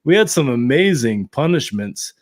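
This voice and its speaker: A man's voice: medium pitch, sing-song, moderate pace. A man hosting a casual sports podcast, joking as he runs a fan contest. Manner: joking, running a contest segment. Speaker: podcast host. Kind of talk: casual chat.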